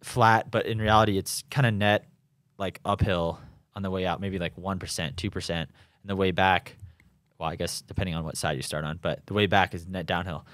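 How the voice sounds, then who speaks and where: A man's voice: sits low, fairly even intonation, brisk, a bit bright, dry recording, studio quality. A young man, a professional triathlete, chatting loosely in an interview, full of restarts and fillers. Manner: rambling, many restarts and fillers, laughs at his own stories. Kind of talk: casual conversational interview. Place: home in Boulder.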